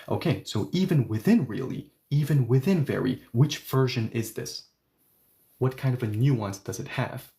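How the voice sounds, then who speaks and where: Guy teaching a language class, mellow low-toned voice, keeps repeating words to make a point. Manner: emphatic, repeats words for stress, acts out little dialogues. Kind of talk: explanatory online lesson.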